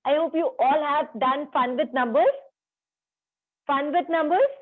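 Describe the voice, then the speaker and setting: High-voiced Indian woman teaching online. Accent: Indian English. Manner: sing-song, slow counting out sums. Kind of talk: online class for children. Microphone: video call. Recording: narrow phone-like video call audio.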